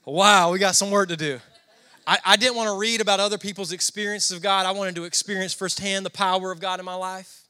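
Southern preacher, young man, high-ish bright voice, chatty storyteller who quizzes the room. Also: steady tone, fairly quick, smooth. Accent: Southern American. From Southern United States. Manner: storytelling, conversational, asks the crowd questions. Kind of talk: sermon. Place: church before a congregation.

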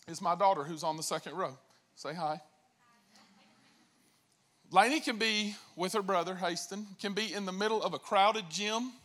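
A man preaching a sermon as pastor, telling jokes and stories in a lively way and acting out quoted voices. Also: high voice. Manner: animated, joking storytelling with acted-out voices.

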